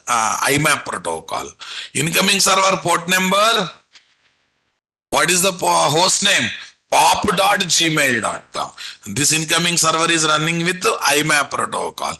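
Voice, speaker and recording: A man's voice: fairly high pitch, creaky, sharp tone, breathy edge, poor audio. A man teaching a live online class, repeatedly quizzing his students with rhetorical questions and coaxing them along. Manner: repetitive, coaxing teacherly delivery. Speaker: programming instructor.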